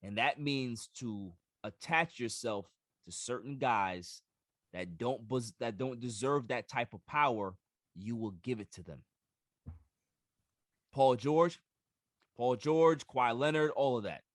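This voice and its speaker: Brief: male sports podcast host, mid-pitched, dry close sound, emphatic and animated with stacked repeats. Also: takes it slowly, long pauses, no room sound. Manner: animated, emphatic, repeats words when excited. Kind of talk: casual sports talk.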